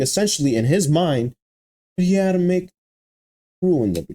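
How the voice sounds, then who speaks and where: A man's voice: on the high side, animated, normal speed, dark tone. A young man hosting an anime reaction video, ranting in exasperation, repeating himself and using lots of slang, and talking straight to his viewers. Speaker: anime reaction channel host.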